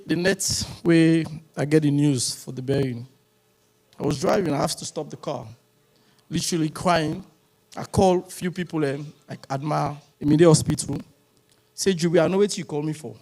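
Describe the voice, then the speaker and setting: Sierra Leonean man, somewhat high-pitched, halting and rambling funeral tribute, drifts between Krio and English. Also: darkish tone. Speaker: funeral speaker.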